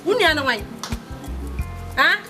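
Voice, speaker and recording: An actress with a Ghanaian accent, playing a bold, boisterous auntie in a comedy-drama, loud and teasing. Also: female voice, high-pitched, very animated, takes it slowly, exaggerated voice. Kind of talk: comic TV drama acting, mixing Twi and English. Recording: echoey room, heard from a distance, music behind.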